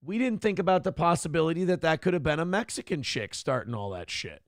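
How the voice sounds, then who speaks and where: A man's voice: on the high side, expressive, quick pace, dry recording, clean studio sound. A man hosting a casual live stream, reading chat messages aloud and reacting in a profane, sarcastic, rambling way. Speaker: show host.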